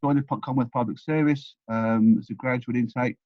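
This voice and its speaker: A man's voice: medium pitch, steady tone, a little fast, dry recording, highs cut off. A man in his sixties from England, telling rambling stories about his life as a podcast guest, full of restarts and repeated words. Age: 60s. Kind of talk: casual storytelling interview.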